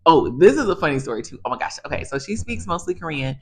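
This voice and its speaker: A woman physical therapist telling stories in a chatty, animated way, addressing viewers casually. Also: low voice, quick pace, slightly rough. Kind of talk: casual storytelling monologue.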